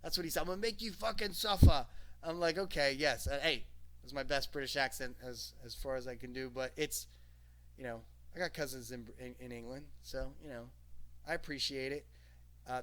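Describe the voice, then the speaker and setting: Bright-voiced excited man recapping wrestling. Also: mid-range voice. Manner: excited, rambling, lots of "okay?". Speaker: wrestling show reviewer. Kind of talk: casual recap commentary.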